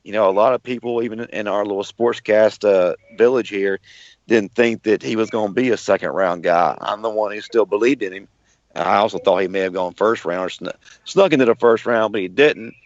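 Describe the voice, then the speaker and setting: A man co-hosting a sports podcast in casual talk, excitable and tripping over his words. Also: lowish voice, fairly quick, dry recording. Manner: excitable, stumbling restarts. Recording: muffled lo-fi dry sound.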